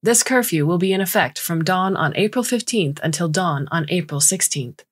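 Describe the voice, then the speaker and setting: A woman voicing a robotic corporate alert system that makes announcements with a discordant calm. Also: lowish voice, normal speed, husky. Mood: calm commanding.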